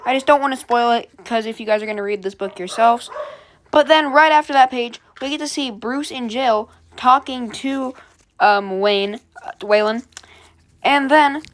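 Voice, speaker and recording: A woman's voice: a little high, a little hiss or hum. A woman casually retelling a comic book for viewers, talking loosely with fillers.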